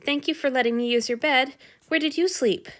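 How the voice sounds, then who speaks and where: A woman's voice: sits high, fairly quick, a bit bright, voice pushed up. A woman voicing a timid, polite young male servant in a fan fiction reading, speaking hesitantly and apologetically.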